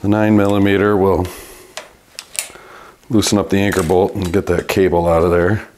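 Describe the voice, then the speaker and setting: A man with a Midwestern accent, a bike mechanic narrating his repair work in a relaxed, matter-of-fact way as he goes. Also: low-pitched, moderate pace, a little hiss or hum. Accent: Midwestern American. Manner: talks through each repair step aloud, relaxed and matter-of-fact. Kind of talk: casual workshop narration.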